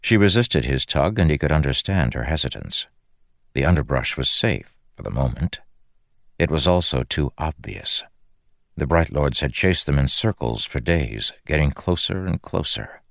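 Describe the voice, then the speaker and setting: A man narrating an audiobook in a measured, grave storytelling manner. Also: rumbling low, expressive, vocal fry, fairly bright tone, no echo, clean studio sound.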